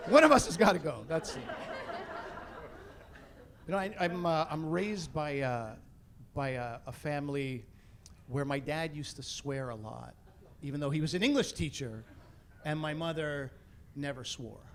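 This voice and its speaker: A middle-aged man from Canada performs stand-up comedy in a fairly high voice. He tells his stories with animated energy, breaking into loud, exasperated outbursts and putting on the voices of the people in them. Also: measured pace, pauses often, a faint crowd, slight background noise.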